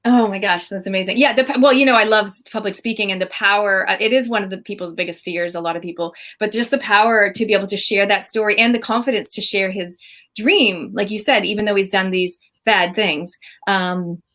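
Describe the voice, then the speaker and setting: A woman's voice: mid-range voice, steady tone, brisk, a bit bright. NZ-woman host, video call, gushing, chatty, loose phrasing. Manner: enthusiastic, chatty with many fillers. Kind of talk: casual chat.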